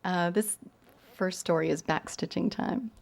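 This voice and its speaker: A woman novelist with a softened Southern accent, answering questions thoughtfully with gentle pauses, then giving an unhurried, lyrical reading of her fiction. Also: fairly low pitch, fairly even intonation. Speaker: visiting novelist. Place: university lecture hall.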